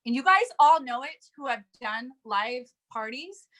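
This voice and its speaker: A woman leading a sales team, giving an energetic, emphatic motivational talk with frequent laughs. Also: a little high, a little slow. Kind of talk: casual motivational chat.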